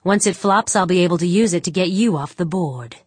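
A woman's voice: fairly low pitch, breathy edge, dry recording. A woman doing a cold, sarcastic boardroom man. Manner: slow, measured, quietly sarcastic. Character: cold, scheming male board member, proud and bitter. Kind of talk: audiobook character voice.

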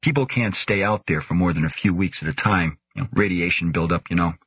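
A man's voice: sits low, a little fast, a bit bright, slightly rough, no room sound, heavily acted. A man reading the part of a sardonic, offhand older male biophysicist aboard a space station. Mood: wry.

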